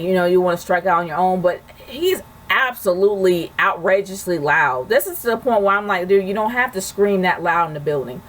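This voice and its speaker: A woman in a relaxed home video, talking through viewer questions one after another. She speaks frankly and casually, with restarts and easy laughs, her voice sitting at an ordinary middle pitch. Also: rough recording. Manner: chatty, frank, rambling with restarts and light laughs. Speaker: YouTube host answering viewer questions. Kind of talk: casual chat.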